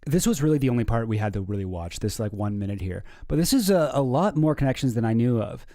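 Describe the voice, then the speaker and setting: Sardonic streamer dude, mellow voice, dry close sound, rambly. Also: male voice, medium pitch, animated, fast talker, no room sound. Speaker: streamer host. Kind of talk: casual reaction commentary.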